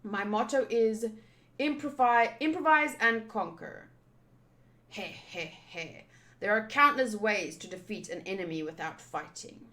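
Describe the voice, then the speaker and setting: A gloating, snickering villain, as a woman reading a comic aloud puts him on. He speaks in a sly, lowered voice with a bright edge, plotting slowly. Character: sneaky scheming villain man, smug.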